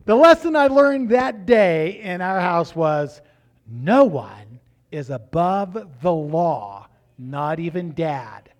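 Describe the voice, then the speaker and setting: A middle-aged man preaching as a pastor, telling family stories with halting restarts and acting out the dialogue. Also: on the high side. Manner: animated, acts out dialogue in raised voices; halting restarts and repeated words. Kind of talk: storytelling sermon.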